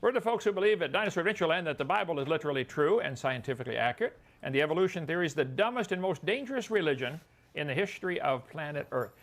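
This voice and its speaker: A man's voice: a little high, animated, rapid-fire. A man giving a casual teaching talk to a live group as a presenter, plain-spoken and folksy, drilling his listeners with counting. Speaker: presenter at a creation science park.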